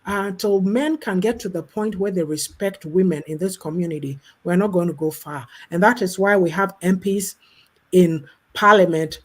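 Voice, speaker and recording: A woman's voice: lowish voice, normal speed. A woman from Ghana speaking in casual conversation, outspoken and impassioned. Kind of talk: casual chat.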